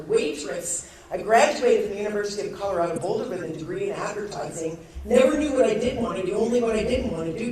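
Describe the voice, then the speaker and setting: Picked up by a distant microphone amid echo and crowd noise, a sixty-something woman speaks on stage at a large event hall with an audience. She is a network marketing speaker giving a motivational talk, with a mid-range voice. She tells a lively story, acts out the voices of those she quotes, and often laughs.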